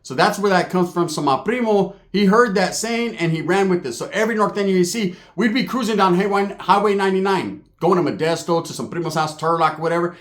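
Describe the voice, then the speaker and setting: A man telling a comic story, animated and profane, acting out the voices of the people in it. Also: high-pitched, fairly quick, hardly any pauses. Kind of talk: comedic storytelling.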